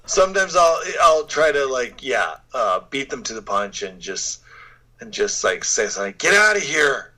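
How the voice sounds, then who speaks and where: Bright-voiced American man, laid-back. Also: mid-range voice, moderate pace, low-quality recording. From United States. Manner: laid-back, laughs often. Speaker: guest actor. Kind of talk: casual interview chat.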